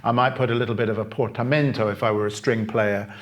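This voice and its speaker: A middle-aged man, giving a patient, explanatory piano masterclass and pausing to play examples. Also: fairly low pitch, steady tone. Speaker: piano teacher. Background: piano playing between phrases.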